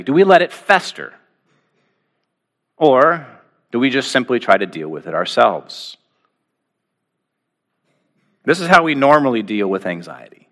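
A man preaching a sermon to his congregation, asking rhetorical questions and slowing down with deliberate pauses on key phrases. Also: mid-range voice, a bit bright. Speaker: pastor.

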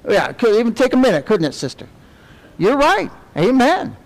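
Animated preacher teaching Sunday school. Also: male voice, normal speed. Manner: animated, asks the class many tag questions; drops to a soft, low murmur on reverent phrases. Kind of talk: conversational Bible teaching. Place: church classroom.

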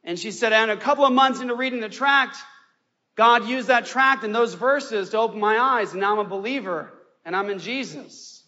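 High, bright impassioned preacher man. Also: moderate pace. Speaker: pastor. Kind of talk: sermon. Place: church sanctuary. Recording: lo-fi recording in a large reverberant church hall.

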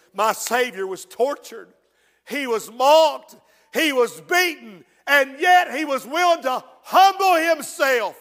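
Male preacher, high and bright, slow fervent sermon that swings from hushed to shouting, long church reverb. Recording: long reverb in a large hall.

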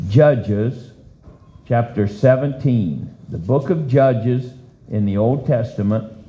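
Preacher guy telling a story in his sermon, slow and swoopy, muffled lo-fi recording. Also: mid-range voice. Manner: animated storytelling, voice swooping up for emphasis. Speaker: pastor.

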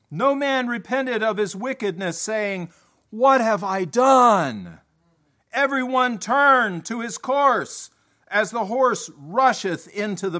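A man preaching a sermon, reading scripture aloud with deliberate emphasis and reasoning with his listeners. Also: on the high side, a bit bright.

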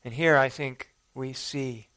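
A male preacher delivering a sermon, telling the story earnestly and swelling for emphasis before falling quiet. His voice is smooth and clear, and the sound is dry and close. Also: medium pitch, fairly even intonation, slow pace, no echo. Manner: earnest storytelling, with rising emphasis and soft drops.

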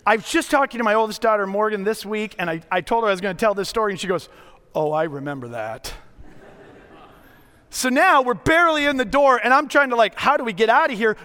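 A middle-aged man preaching a sermon as a pastor, telling stories in a conversational way with dramatic pauses. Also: very high-pitched, sharp tone. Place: church sanctuary. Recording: long hall reverb.

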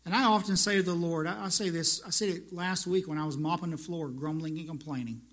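A man preaching to his congregation in a church, with a high-pitched voice. His tone is bright and ringing. He talks like he is chatting with friends, then presses his point with emphatic, repeated phrases. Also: fairly even intonation, fast talker. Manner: conversational preaching, rising to emphatic repetition. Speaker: pastor. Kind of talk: sermon.

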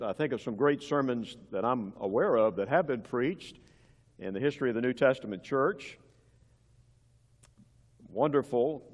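A middle-aged man preaching a sermon in a church, earnest and emphatic, leaning hard into key words. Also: medium pitch. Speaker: pastor. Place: church sanctuary. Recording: long reverb of a large hall.

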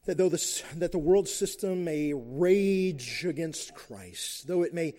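An earnest male pastor preaches with a slightly high but mellow, dark-toned voice, swelling and dropping in emphasis and often stumbling back to repeat a phrase. The church recording carries a long hall reverb. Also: lively intonation, slow. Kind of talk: sermon. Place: church sanctuary.

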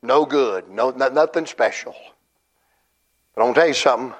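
A middle-aged man preaching a revival sermon at a church conference, crying out and shouting in rising bursts, with folksy, self-deprecating humor. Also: medium pitch, normal speed.

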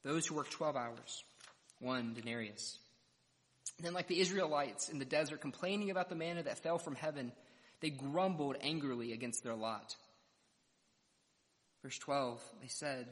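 A man's voice: medium pitch, normal speed, pauses often, fairly bright tone. A man preaching an expository sermon verse by verse and retelling a parable dramatically. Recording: long reverb of a large hall.

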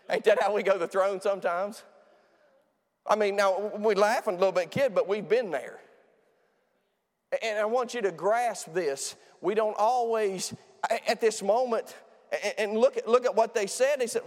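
High-voiced preacher in a reverberant hall. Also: male voice, animated, moderate pace. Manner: emphatic, repetitive, with frequent restarts. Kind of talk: sermon.

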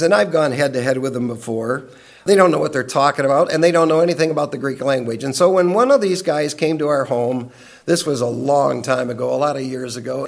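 High-voiced older man teaching a class. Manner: emphatic, storytelling, dismissive asides. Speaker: pastor and Bible teacher. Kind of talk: evening class lecture.

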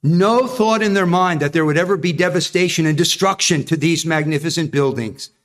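A man's voice: fairly high pitch, fairly quick. A man preaching a sermon who acts out the voices in his quotes and puts questions to the congregation. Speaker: pastor.

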